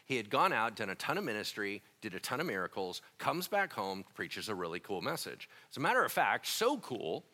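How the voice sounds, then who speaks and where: A man preaching a sermon in a casual, slangy, conversational way, swinging between quiet stretches and loud, emphatic ones. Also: on the low side, big pitch swings, fairly quick, few pauses. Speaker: pastor.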